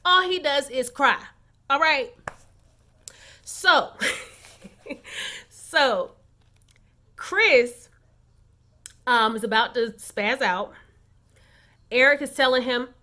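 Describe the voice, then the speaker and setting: A woman talks straight to her viewers in a casual recap vlog, sassy and animated as she dishes on the latest episode. Her voice sits high and comes across bright and sharp. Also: extremely slow, pauses often. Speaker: recap vlogger. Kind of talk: casual reality-show recap.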